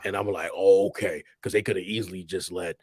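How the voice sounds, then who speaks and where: A man's voice: sits low, fairly even intonation, brisk, darkish tone, no echo, clean studio sound. A man co-hosting a podcast, talking in a loose, slangy way and laughing often. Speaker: podcast co-host. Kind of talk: casual chat.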